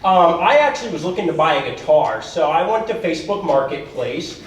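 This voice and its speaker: A man's voice: fairly high pitch, very animated, a little fast. A man doing stand-up comedy at a talent show, rambling and self-deprecating, losing his voice. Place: school auditorium stage with audience. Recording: echoey hall recorded from far off.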